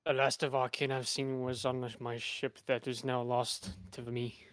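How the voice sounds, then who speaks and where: A man voicing a brass dragonborn pirate in an online tabletop game, speaking in an old-fashioned sailor's way with a deepened pirate voice. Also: flat delivery, moderate pace, fairly bright tone, dry recording, natural voice. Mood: wistful. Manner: old-fashioned sailor talk, calls others friend. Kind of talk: online tabletop role-play.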